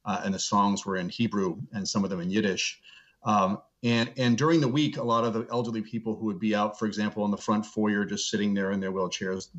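Earnest low-voiced man on a dull call. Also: steady tone, brisk. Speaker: guest, seminary professor. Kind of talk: reflective interview storytelling. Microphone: video call. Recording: dull lo-fi video call audio.

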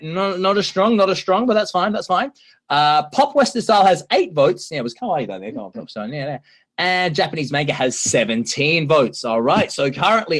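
A man from Australia in his thirties, hosting a casual livestream chat with jokey, playful asides. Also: a little high. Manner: animated, jokey, playful broken-English bits. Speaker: livestream host.

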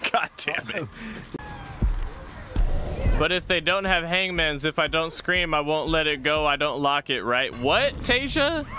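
A man's voice: fairly high pitch, background noise. A man streaming a video game in casual banter, swearing freely, laughing and breaking into rambling freestyle raps. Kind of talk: casual gaming livestream banter.

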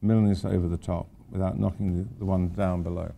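A man's voice: low-pitched, level tone, brisk, vocal fry, dark tone, slight background noise. An older man, an architect giving an informal lecture, rambling through anecdotes with wry asides.

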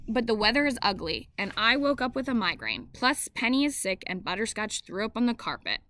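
A woman reading a novel aloud in steady first-person narration, with small slips she corrects as she goes. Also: fairly high pitch, a little fast.

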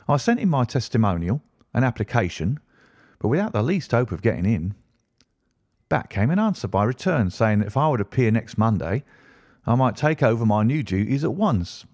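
A man narrating an audiobook in an expressive first-person storytelling manner. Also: medium pitch, no echo, clean studio sound.

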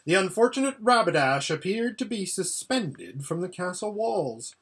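A man reads a children's novel aloud, telling it with lively, rising emphasis. His voice sits a little high and has a husky edge. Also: normal speed. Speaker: audiobook reader.

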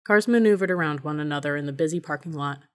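A woman reads a novel aloud as an audiobook narrator. Her delivery is measured and even, and her voice sits a little low for a woman.

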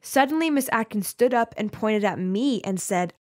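A young woman narrating an animated story in the first person as a teenage girl, with chatty storytelling. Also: mid-range voice, normal speed, few pauses.

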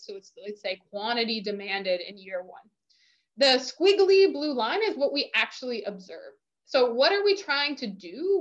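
A woman lecturer with a fairly high voice talks through course material. She leans on fillers and keeps asking "right?" as she explains. The recording sounds dull and lo-fi. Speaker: university lecturer.

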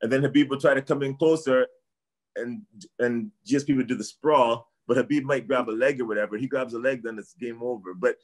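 With a medium pitch, a steady tone, and a slightly fast pace, a middle-aged Canadian man who trains martial arts talks sports casually as a guest. He rambles and repeats himself, often trailing off with "I don't know."

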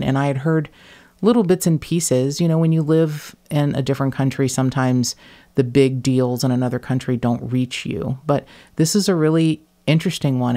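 Woman, podcast host, casual chat; animated, blunt, swears freely, laughs mid-sentence. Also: rumbling low.

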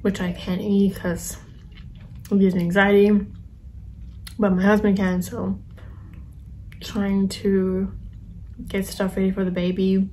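A young woman telling a personal story to camera while eating, in a soft, halting, confessional way with many pauses and ums. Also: medium pitch, little pitch movement, slight background noise. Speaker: vlogger.

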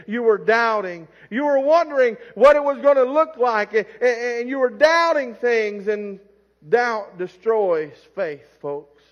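A middle-aged man preaching a sermon as pastor, swinging between loud calls and quiet asides. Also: very high-pitched, a little slow. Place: church sanctuary. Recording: dull lo-fi church recording with long reverb.

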